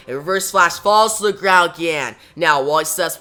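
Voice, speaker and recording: A man recapping a comic book story in a casual, plain way, moving from scene to scene with "now". His voice is bright and forceful and sits a little high. Faint music plays behind him. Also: moderate pace, few pauses.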